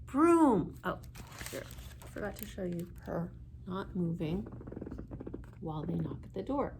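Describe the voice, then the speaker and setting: A woman librarian reading a children's story aloud with playful, expressive sound words. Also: lowish voice, unhurried, gravelly, a little hiss or hum.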